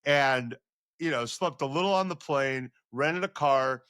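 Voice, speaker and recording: A middle-aged man, a sports journalist and podcast guest, telling a long story with rising excitement. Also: a little slow, clean tone, dry recording, studio quality. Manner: excitable, voice climbs high when reliving moments. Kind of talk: animated storytelling.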